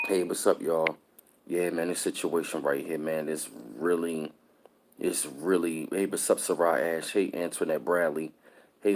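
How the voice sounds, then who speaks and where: Male streamer, very low pitch, somber and disturbed, rambling casual delivery. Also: a little mellow. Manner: repetitive, somber, greets chat viewers mid-sentence. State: upset and disturbed. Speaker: live stream host. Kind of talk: casual live stream talk.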